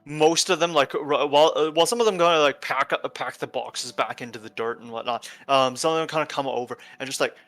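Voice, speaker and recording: A man narrating a tabletop game as game master, halting with many fillers and restarts. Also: mid-range voice, fairly bright tone, no echo, soft background music.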